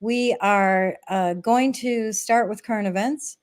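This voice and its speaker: A woman's voice: medium pitch, takes it slowly, clean tone. Giggly, scattered woman livestream host. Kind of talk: casual livestream chat.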